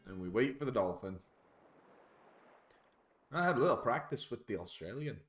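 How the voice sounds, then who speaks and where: A man's voice: mid-range voice, expressive, normal speed, a bit bright, faint music behind. A young man casually commenting on a game he streams, wry and joking. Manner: wry, joking, laughs often.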